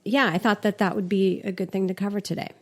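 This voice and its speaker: A woman co-hosting a podcast, talking in a relaxed, conversational way with fillers and restarts. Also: medium pitch, quick pace. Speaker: podcast co-host. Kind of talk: casual podcast chat.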